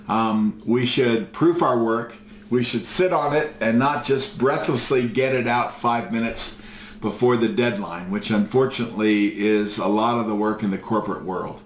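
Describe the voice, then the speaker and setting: A man's voice: medium pitch, a little slow. A male professor giving a recorded course lecture, folksy and full of fillers as he tells stories. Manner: folksy storytelling with many fillers. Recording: echoey room, faint noise.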